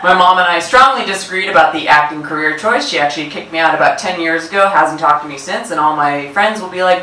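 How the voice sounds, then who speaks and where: A woman's voice: deep voice, fast, hardly any pauses, slight background noise. A young adult woman from Washington state doing a stand-up comedy set in a club, with dry punchlines and voices for the people in her stories. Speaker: stand-up comic. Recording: roomy club, distant mic, loud laughter. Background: loud audience laughter.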